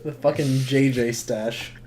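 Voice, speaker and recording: A man's voice: medium pitch, fairly even intonation, unhurried, a little mellow, slight background noise. A man streaming while he edits, talking dryly and sarcastically and often dropping to mumbled asides. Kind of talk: casual chat while editing.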